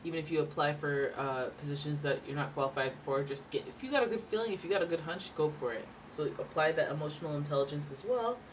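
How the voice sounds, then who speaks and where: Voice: mid-range voice, quick pace, few pauses, distant mic, a little hiss or hum. A tarot reader giving a casual, rambling reading with playful asides.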